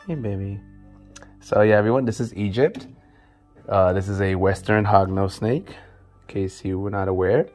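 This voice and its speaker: Chill guy with a lowish voice talking slow to his snakes, little guitar in the back. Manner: laid-back, talks softly to his snakes. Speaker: snake keeper showing his collection. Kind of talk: casual vlog chat. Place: indoor snake room.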